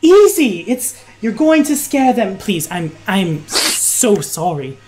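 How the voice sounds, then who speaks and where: Mysterious, manipulative woman, higher and lighter, voiced by a female game master. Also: sing-song, slow, darkish tone. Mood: persuasive. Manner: soothing, coaxing, then insistent.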